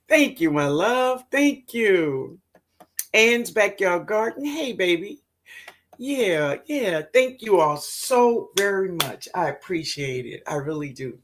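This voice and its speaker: A woman chats through a livestream at an unhurried pace. Her pitch rises and falls in big, lively swings. She laughs easily and calls her viewers baby, honey and sweetheart as she reads their comments aloud. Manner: excitable and laughing. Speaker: livestream host, gardener. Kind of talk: casual livestream chat, reading comments aloud.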